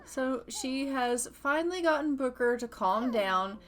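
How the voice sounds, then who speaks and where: A woman casually narrating her gameplay of a family life sim in a chatty, relaxed way. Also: high voice, a little slow, slight background noise. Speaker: gaming channel host.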